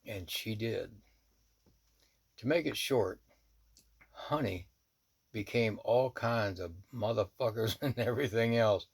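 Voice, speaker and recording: A man, a shaman, telling a personal story in a blunt, profane, animated way. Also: on the low side, slow, gravelly, pauses often, husky.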